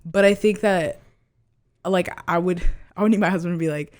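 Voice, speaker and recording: Low-voiced young woman, chatty. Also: fairly even intonation, darkish tone. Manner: chatty, drawn-out, filler-heavy. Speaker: podcast co-host. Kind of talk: casual chat.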